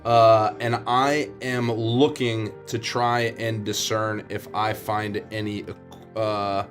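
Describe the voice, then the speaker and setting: A man's voice: lowish voice, level tone, slow pace, over music. A man playing a tabletop game, chatty and hesitant, playful. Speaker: player. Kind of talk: casual tabletop play.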